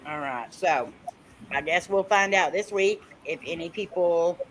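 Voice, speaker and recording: A woman's voice: lowish voice, a little slow, a little hiss or hum, poor audio. Chatty woman hosting a live panel. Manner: chatty, laughs while telling stories. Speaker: host. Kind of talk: casual chat on a live stream panel.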